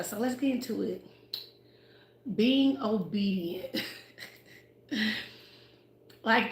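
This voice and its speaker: Chatty woman with a gravelly edge. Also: mid-range voice. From United States (Ohio, raised in Houston). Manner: chatty, expressive, laughs often. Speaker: livestream host. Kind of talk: casual livestream chat about faith. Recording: roomy echo.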